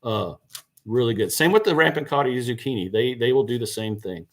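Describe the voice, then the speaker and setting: A man's voice: medium pitch, animated, a little fast. A man chatting casually on a gardening live stream, answering viewer questions and correcting himself as he goes. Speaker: gardening channel host. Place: indoors by a seed box.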